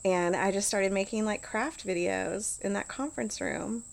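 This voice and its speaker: A woman's voice: medium pitch, normal speed, creaky. A middle-aged woman talking casually as an interview guest, full of "like" and restarts. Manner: chatty, lots of "like" and restarts.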